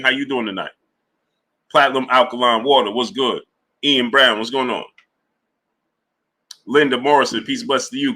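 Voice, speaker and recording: A man hosting a livestream, casually reading and greeting viewers from the chat. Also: medium pitch. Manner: laid-back, shouting out viewers from the chat. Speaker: livestream host.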